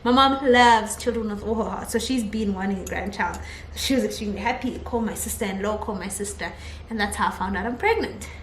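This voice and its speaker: A young woman vlogger telling a personal story in a chatty, animated way, often laughing as she talks. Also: mid-range voice, a little fast. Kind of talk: casual storytelling vlog. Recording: echoey room, faint ambient noise.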